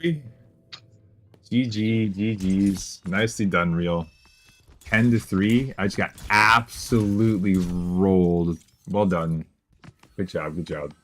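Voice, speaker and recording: A man's voice: sits low, takes it slowly. A male game streamer chatting casually to his viewers as he plays, joking and repeating reassurances to himself. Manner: talks to his chat. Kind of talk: casual live-stream chatter while playing.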